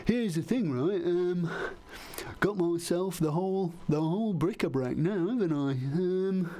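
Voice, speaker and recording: Man, high-pitched, hesitant rambling host of a comedy sketch. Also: measured pace, dark tone. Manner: hesitant, rambling with many ums and restarts. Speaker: radio show co-host character.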